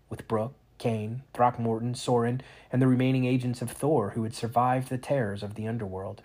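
A man narrating a fantasy storybook aloud in a dramatic, expressive reading. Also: medium pitch, brisk, hardly any pauses.

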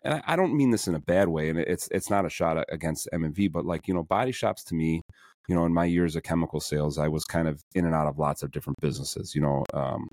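A man hosting a podcast in casual interview chat, animated and full of fillers and restarts. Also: a bass voice, fast talker, no room sound, clean studio sound. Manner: animated, many fillers and restarts, acts out quoted people. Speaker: podcast host.

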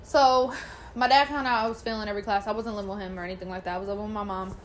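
A woman's voice: mid-range voice, fairly even intonation, racing, a little hiss or hum. A young woman in casual chat, telling a personal story candidly with plenty of profanity and quoted voices. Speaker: guest telling her story.

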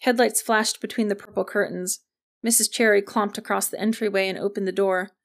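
A woman reads an audiobook in an even, clear storytelling manner. Her voice has a noticeable gravelly fry, and her pitch sits in an ordinary middle range. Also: a little fast. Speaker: narrator. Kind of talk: audiobook narration.

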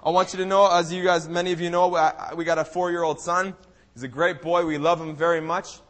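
A young man preaching a sermon, who acts out the people of the story and breaks into loud cries. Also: fairly high pitch, level tone, brisk. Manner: dramatic, acts out the people in the story, bursts into shouted pleas.

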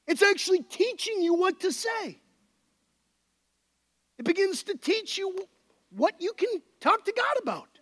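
A male pastor giving a conversational, animated sermon to his congregation. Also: extremely high pitch, measured pace, pauses often.

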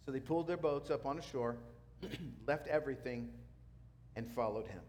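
A man preaching a sermon as pastor, animated and acting out the people in the story. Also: medium pitch, normal speed, in a large hall. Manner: animated preaching, acts out quotes.

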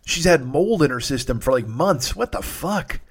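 A man's voice: a little high, lively intonation, normal speed, breathy edge. A man hosting a solo comedy podcast, tired and sniffly, rambling and swearing with self-mocking humor.

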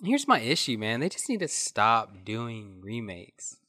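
A man's voice: on the low side, big pitch swings, measured pace, bright, forceful tone, no room sound, studio quality. A young man co-hosting a casual podcast chat, joking and blunt. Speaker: podcast co-host.

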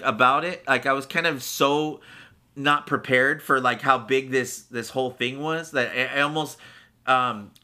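Bright-voiced man telling a rambling story. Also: mid-range voice. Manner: rambling and candid, with frequent fillers and swearing; animated, acting out other people's lines. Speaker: podcast co-host. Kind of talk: casual storytelling chat.

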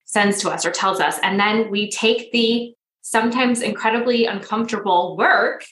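A woman's voice: mid-range voice, normal speed, roomy sound, poor audio. A woman in her thirties, a manifestation coach, chatting as a podcast guest and telling stories with acted-out dialogue. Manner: animated storyteller, acts out quoted dialogue. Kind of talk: casual podcast interview.

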